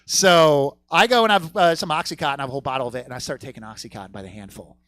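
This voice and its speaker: A man doing a stand-up set on a comedy theater stage, profane, swinging from low mutters to loud punchlines. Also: very fast, no echo.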